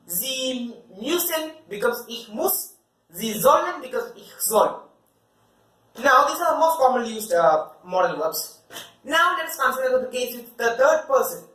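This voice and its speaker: A woman teaching German grammar in a fairly high voice, slowing down to say each German example carefully. She stands away from the microphone, and the room adds a noticeable echo. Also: fairly bright tone, recorded from a distance. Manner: slow, deliberate German examples between plain explanations. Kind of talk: language lesson explanation. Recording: echoey room, voice away from the mic.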